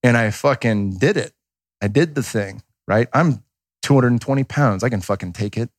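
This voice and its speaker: A man's voice: medium pitch, normal speed, dry recording, clean studio sound. A man in his thirties, a podcast guest talking casually and candidly, rambling and swearing freely as he acts out quotes. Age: 30s.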